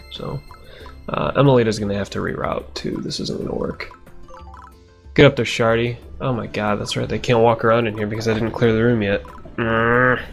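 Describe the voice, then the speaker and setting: A man's voice: mid-range voice, creaky. A man giving casual, rambling let's-play commentary, swearing now and then and chuckling to himself. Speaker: gameplay commentator.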